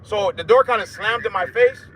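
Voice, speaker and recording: A man's voice: sits high, moderate pace, slight background noise. A man hosting a live stream, chatting casually and telling crude stories with swearing and laughter. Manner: loud, profane, storytelling with laughs.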